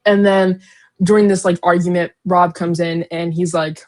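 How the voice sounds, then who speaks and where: A young woman with a fairly low voice co-hosts a casual book podcast. She retells the plot in an animated, rambling way, padding her sentences with fillers and giggles. Her delivery is relaxed and conversational. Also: moderate pace. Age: young adult. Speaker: podcast co-host.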